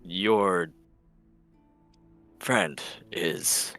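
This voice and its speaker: A man's voice: deep voice, very slow, fairly bright tone, soft background music, exaggerated voice. A man voicing a grumpy, hostile man in a tabletop game, clipped and half-whispered. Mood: curt.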